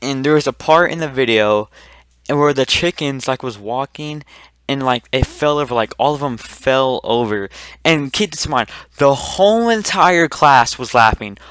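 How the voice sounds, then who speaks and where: A teenage boy rambling through a casual storytime vlog, full of "like" and restarts, getting louder and higher when he gets excited. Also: normal speed, smooth, no room sound. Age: teens. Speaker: vlogger.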